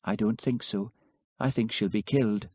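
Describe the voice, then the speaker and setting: A man reading a calm, soft-spoken young Highland woman astrologer, with a soft lilting Highland accent. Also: normal speed, husky, dry recording, clean studio sound. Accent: Scottish Highland. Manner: calm, quietly knowing.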